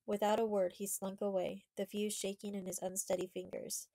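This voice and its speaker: A woman reading a children's historical novel aloud in a measured, steady way. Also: medium pitch, gravelly, dry recording, low-quality recording. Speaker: audiobook reader. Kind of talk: storybook narration.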